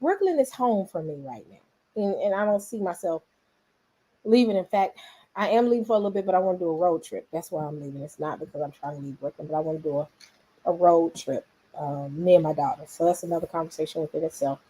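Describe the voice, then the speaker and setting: A woman from Memphis with a Southern accent, hosting a casual commentary vlog, animated and rambling as she talks straight to her viewers. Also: fairly low pitch, quick pace, breathy edge. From Memphis, Tennessee. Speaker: vlogger host.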